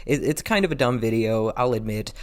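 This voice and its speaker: A man's voice: medium pitch, a little fast. A man rambling in a casual home vlog, self-deprecating and repeating himself, a little out of breath, recorded on a camera's built-in mic. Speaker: vlogger. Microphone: built-in camera mic, low angle.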